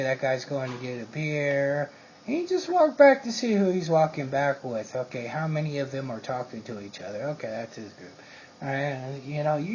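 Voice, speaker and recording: A man's voice: medium pitch, darkish tone. A man casually telling a swaggering, profane story about a confrontation. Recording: muffled lo-fi recording, faint hiss.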